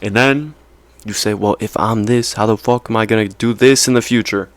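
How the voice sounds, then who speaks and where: A man's voice: lowish voice, steady tone, normal speed, no echo. A young man vlogging in a casual, rambling monologue, peppered with slang and "right?" checks.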